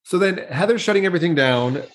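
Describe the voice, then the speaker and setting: A woman's voice: lowish voice, lively intonation, fast talker. A woman co-hosting a casual podcast, walking through a TV episode's events with playful laughs. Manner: storytelling recap, frequent laughs, playful. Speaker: podcast co-host. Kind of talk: casual chat recapping a TV episode.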